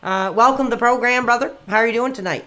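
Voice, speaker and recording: A man hosting a live call-in stream in a rambling, quick-tempered, often exasperated way. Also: very high-pitched, bright, forceful tone.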